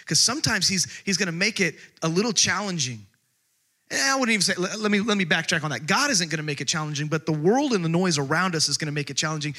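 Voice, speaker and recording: A pastor delivering a sermon in a notably high, bright voice. He preaches emphatically, swinging from loud outbursts to hushed, intimate asides.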